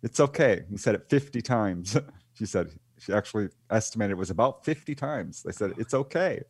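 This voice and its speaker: A man's voice: on the low side, a little fast, slightly rough, no echo. A man being interviewed as a guest, telling a case story casually and acting out the voices of the people in it. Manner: animated retelling, acts out quoted voices. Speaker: guest author and UFO researcher.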